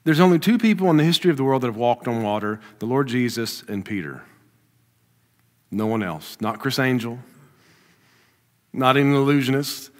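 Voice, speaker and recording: A man preaching a sermon to a congregation, animated, swinging from loud emphatic lines to low asides. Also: moderate pace, pauses often. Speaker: pastor. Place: church sanctuary with a congregation. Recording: reverberant hall.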